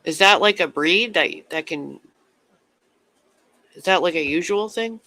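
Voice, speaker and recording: A man's voice: high voice, expressive, measured pace, bright, forceful tone, dry recording. A man chatting casually with viewers on his livestream, rambling from topic to topic and swearing freely.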